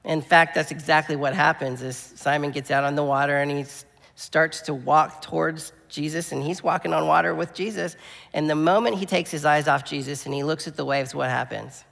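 A male pastor delivers an earnest sermon in a gravelly, somewhat high voice. He builds to emphatic peaks, then falls to quiet, low lines. The sound carries the long reverb of a large hall. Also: steady tone, fairly quick.

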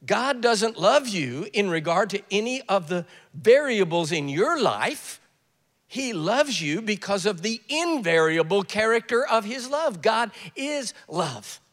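Older man preaching; high, lively voice; tells stories; hall echo. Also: measured pace. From US South. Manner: storytelling with acted quotes and joking asides. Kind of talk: sermon. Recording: echoey hall.

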